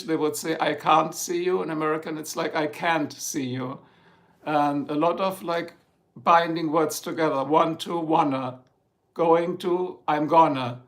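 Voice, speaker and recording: German-accented man, gravelly voice. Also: on the high side. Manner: chatty, rambling, jokey. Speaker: livestream host. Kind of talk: casual livestream chat. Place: home, Ohio.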